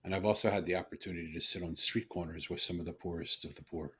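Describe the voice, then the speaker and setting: A middle-aged man telling a personal story in conversation, earnest and reflective, pausing and restarting as he goes. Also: low-pitched, fairly even intonation, bright, forceful tone, slightly rough. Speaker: host.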